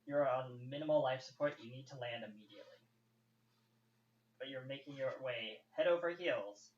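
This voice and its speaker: A man narrating a tabletop game as game master, casual and rambling. His voice is mid-pitched and rings in a roomy space. The recording is dull, with a faint hiss. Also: normal speed, recorded from a distance. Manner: casual, rambling, many fillers.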